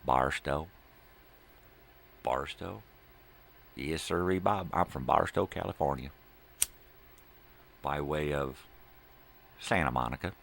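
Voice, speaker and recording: A booming, sheepish good-old-boy with a thick Southern drawl, done by a man in a comic bit. The voice sits extremely low and gravelly, with a faint hum of the room behind it. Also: slow, long pauses, a bit bright, heavily acted. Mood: jokey. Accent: put-on Southern US.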